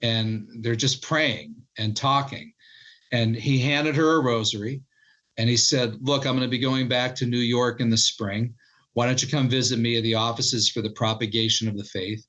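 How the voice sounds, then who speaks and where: A middle-aged man, an author being interviewed, telling a story in animated fashion and acting out quoted lines. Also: medium pitch, moderate pace, dull audio. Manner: animated storyteller, quotes others in their voices. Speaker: author and historian guest.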